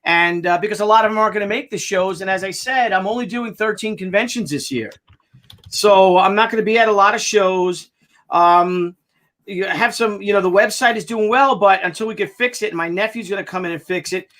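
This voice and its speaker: A man with a high, light voice, from the United States, chatting casually as host of an update about his project. He rambles and jokes, tripping over words and restarting sentences. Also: a little fast, fairly bright tone. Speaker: comic artist hosting a crowdfunding update. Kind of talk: casual chat.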